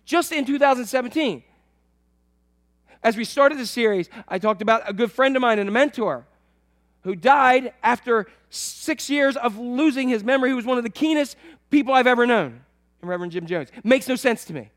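Man, pastor, sermon, high voice, emphatic then hushed. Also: normal speed. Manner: animated, swings from loud emphatic to soft and low. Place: church.

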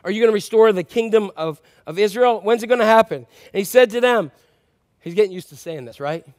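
A man's voice: high voice, lively intonation, fairly quick, a little mellow. A man preaching a sermon in a conversational, joking way, reading scripture with emphasis. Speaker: pastor.

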